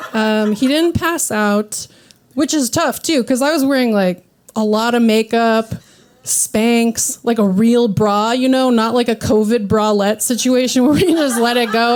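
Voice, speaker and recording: Lady doing stand-up, slightly high voice, self-deprecating, acts out people's lines. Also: unhurried. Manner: self-deprecating, animated quoting of others. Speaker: comedy show host. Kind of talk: stand-up comedy set. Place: live comedy venue with audience.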